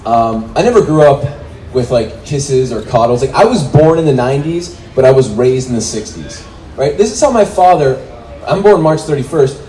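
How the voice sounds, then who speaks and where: This stand-up set features a man in his twenties with a mid-range voice and moderate pace. Performing on a club stage, he animatedly voices the characters quoted in his stories, and the roomy club has faint noise.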